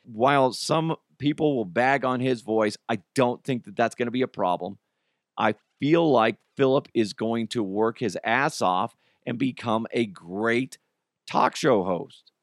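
A man riffs in a casual podcast commentary, opinionated and tossing in joking asides. His voice sits at an ordinary middle pitch and sounds a little strained, as if he is saving it. The sound is dry and close, with no room around it. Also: animated, a little slow, dry recording. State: trying not to lose his voice. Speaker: podcast host.

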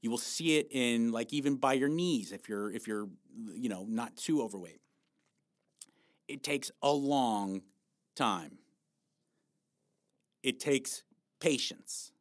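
A man's voice: mid-range voice, animated, a little slow, dry recording, clean studio sound. A man giving a blunt, profane motivational talk about fat loss, coaching his listeners and urging them on with emphatic encouragement.

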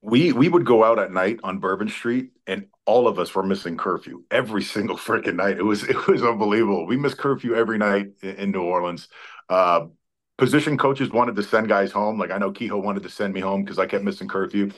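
A man's voice: fairly low pitch, fairly quick. A man in his forties, a former college football player, telling rambling, profane stories with frequent restarts in casual sports talk. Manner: rambling storyteller, stumbles and restarts, swears freely.

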